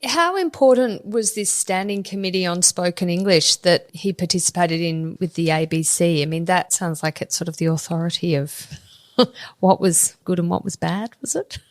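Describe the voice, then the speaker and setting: A woman's voice: lowish voice, normal speed, no room sound, studio quality. A woman hosting an interview in a chatty way, asking leading questions. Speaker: interview host. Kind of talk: conversational interview.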